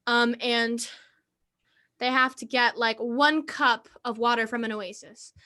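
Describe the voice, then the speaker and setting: A woman with a high, bright voice chats casually and recounts a story with animation. She swears freely along the way. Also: steady tone, unhurried. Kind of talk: casual chat.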